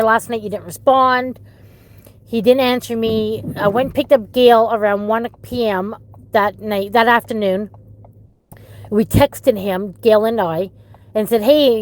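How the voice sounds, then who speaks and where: A middle-aged woman from Canada, a bereaved mother giving personal testimony in halting, emotional storytelling full of restarts. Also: medium pitch, darkish tone.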